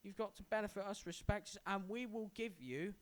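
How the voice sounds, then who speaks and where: A man's voice: high voice, a little fast. A man co-hosting a casual podcast, laying out his opinions in long, lecturing explanations. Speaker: podcast co-host. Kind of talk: casual chat.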